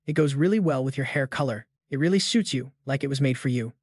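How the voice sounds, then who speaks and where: A man voicing a calm, blunt young man who gives compliments in a matter-of-fact way. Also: mid-range voice, fast talker, dry recording, clean studio sound, close to an everyday voice.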